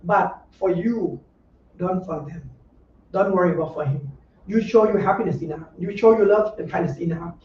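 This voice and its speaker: In a meditation center room, a middle-aged male monk teaches a plain-spoken dharma talk at a moderate pace, his high voice mellow and gentle. His advice is conversational, with simple, repetitive phrasing and frequent rhetorical checks. Recorded on a distant, dull lo-fi mic, it sounds roomy and echoey with a little hiss or hum.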